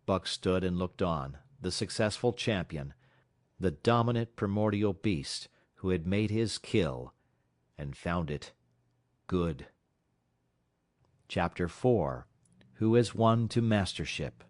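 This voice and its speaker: A man reading a classic novel aloud as an audiobook narrator, in a measured, dramatic storytelling manner. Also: low voice, expressive, no room sound, studio quality. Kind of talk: scripted narration.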